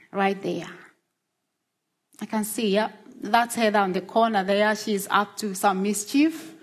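Slow earnest woman preaching a sermon. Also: medium pitch. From Australia. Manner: slow, earnest, encouraging preaching with rhetorical questions.

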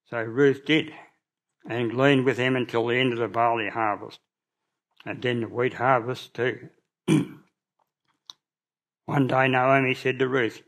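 A man's voice: medium pitch, steady tone, takes it slowly, long pauses. A man reading a Bible story aloud, with small stumbles and restarts and a slight change of voice for the people he quotes. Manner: plain reading with small restarts, mild voice shifts for quoted figures. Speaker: reader.

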